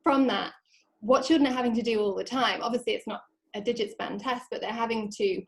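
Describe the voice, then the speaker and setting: A woman's voice: on the high side, steady tone, creaky, rough recording. Woman presenting a webinar, laughs often. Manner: friendly, laughs often, reads digits slowly. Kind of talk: webinar talk.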